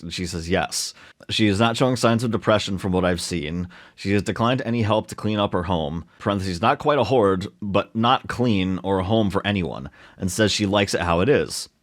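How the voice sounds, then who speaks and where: A young man with a fairly low voice co-hosts a casual podcast. He reads online posts aloud and banters, often tripping over his words. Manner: joking, stumbles over words. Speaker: podcast co-host reading stories.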